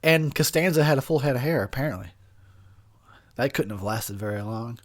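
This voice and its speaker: A drunk and high man giving a crude, rambling, giggly commentary over a movie he is watching. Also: expressive, a little fast.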